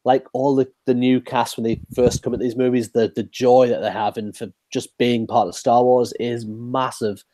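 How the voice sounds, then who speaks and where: A man co-hosting a podcast in casual chat, excitable and quick to laugh. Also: mid-range voice, dry recording. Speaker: podcast co-host. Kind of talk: casual fan discussion.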